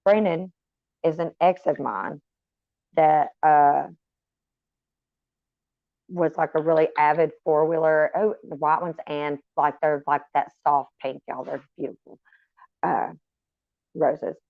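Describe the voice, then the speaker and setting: A woman's voice: deep voice, steady tone, takes it slowly, creaky, pauses often, no echo. A middle-aged woman chatting casually to her viewers, rambling off on tangents and swearing freely. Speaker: vlogger talking to viewers. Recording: slightly dull, dry recording.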